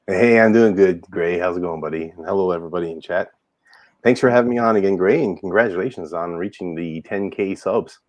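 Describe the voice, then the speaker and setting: A man's voice: deep voice, fairly quick, no room sound. A retired man from Newfoundland, a guest on a live stream, speaking in a plain-spoken, friendly way. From Newfoundland, Canada. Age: older. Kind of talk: interview conversation.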